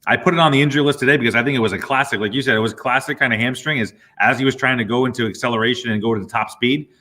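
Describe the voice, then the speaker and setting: A middle-aged man, a physical therapist, casually explaining athletes' injuries with relaxed, playful asides. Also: mid-range voice, racing. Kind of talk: casual sports injury chat.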